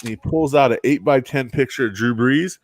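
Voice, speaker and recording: A man in casual chat, telling old security-guard stories with lively delivery that jumps up and down for each character he quotes. His voice sits mid-range and sounds close and dry, with no room around it. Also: mid-range voice, fairly quick, no room sound. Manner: animated storyteller acting out quotes, says bro and dude.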